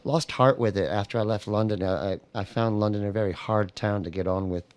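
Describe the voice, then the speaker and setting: An American man with a lowish voice chats in a radio studio about his gigs and his songs. He rambles in an easygoing way, circling back with fillers and restarts, and the odd Scottish word slips into his American accent. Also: a little fast, darkish tone, dry recording. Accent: American, picking up Scottish words. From United States. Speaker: singer-songwriter guest. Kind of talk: casual radio interview.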